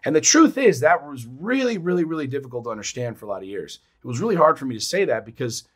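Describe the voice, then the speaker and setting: A man co-hosts a podcast and talks with his listeners in a casual, motivational way. He is emphatic and swears freely. His voice sits at an ordinary pitch for a man, and he leans hard on key words. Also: sing-song, fast, breathy edge. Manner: emphatic, swears freely, acts out quotes with sudden loud jumps. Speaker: podcast co-host.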